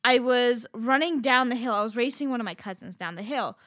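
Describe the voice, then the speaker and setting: A woman with a fairly high, bright voice tells a story in casual podcast chat. She is animated, swears freely and scatters fillers through her talk. The sound is dry and close. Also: fairly quick, dry recording. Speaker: podcast co-host.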